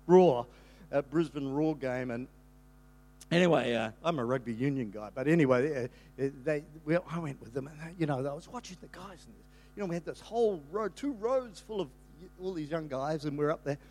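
An older man, a pastor, telling a rambling, animated story in a sermon, breaking into sudden shouts. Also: on the high side, fairly quick.

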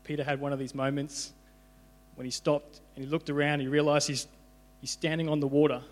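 A man's voice: a little high, flat delivery, a little fast. A young man giving an informal sermon, conversational, often repeating his words as he goes. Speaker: preacher. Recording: hall reverb with mains hum.

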